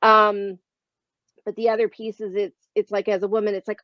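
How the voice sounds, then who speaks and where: A woman's voice: mid-range voice, flat delivery, normal speed, no room sound, highs cut off. A woman speaking frankly as a panelist in a discussion.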